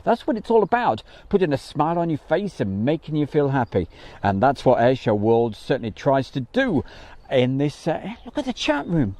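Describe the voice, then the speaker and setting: A man's voice: mid-range voice, a little mellow. A man from the West Midlands of England chatting on a live airshow stream, rambling with lots of fillers. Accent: West Midlands English. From Wolverhampton, England. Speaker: airshow livestream host. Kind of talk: casual live-stream chat. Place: outdoors at an airfield.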